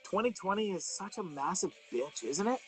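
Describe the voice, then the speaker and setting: A middle-aged man with a fairly high voice hosts a casual live stream. He rambles through fillers and false starts and rants with plenty of swearing. Faint music plays under his talk. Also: animated, normal speed, poor audio. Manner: ranting, profane, rambling with fillers and restarts; reads viewer comments aloud. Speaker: live show host.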